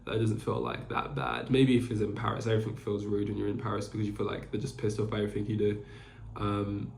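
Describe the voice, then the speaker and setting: A man's voice: fairly low pitch, flat delivery, quick pace, vocal fry, slight background noise. A young man hosting a podcast alone, rambling casually with lots of fillers and restarts. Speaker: podcast host. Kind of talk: casual solo chat. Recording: echoey room.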